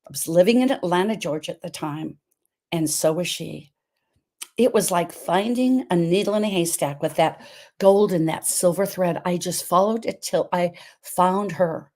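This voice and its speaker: A woman in her seventies from Montana, hosting a virtual health event with an inspirational talk, emphatic and repetitive, swinging her pitch and volume. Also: moderate pace, dark tone.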